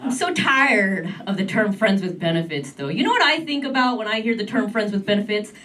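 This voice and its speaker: Animated woman doing stand-up. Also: mid-range voice, a little fast, a little hiss or hum. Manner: animated, switches between voices. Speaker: stand-up comedian. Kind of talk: stand-up comedy set. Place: comedy club stage. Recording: distant mic, club crowd laughing.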